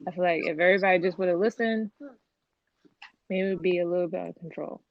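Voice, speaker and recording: A woman's voice: lowish voice, steady tone, quick pace, no echo. A woman co-hosting a casual podcast chat, blunt and exasperated, swearing freely. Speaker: podcast co-host. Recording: slightly dull lo-fi sound.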